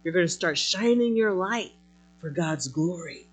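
Emphatic preacher slowing for emphasis. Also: mid-range voice, slightly rough, soft background music. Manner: animated, emphatic, with light laughs. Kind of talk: sermon and closing prayer.

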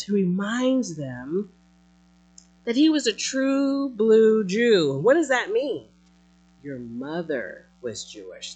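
Lively conversational woman preacher. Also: low-pitched, husky. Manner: conversational, emphatic, acts out quotes. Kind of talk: sermon.

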